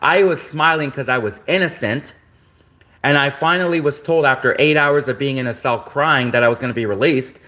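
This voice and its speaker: A man's voice: medium pitch, a little fast, pushed and bright. A man from Canada on a livestream, ranting in an agitated, repetitive, accusatory way. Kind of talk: livestream rant.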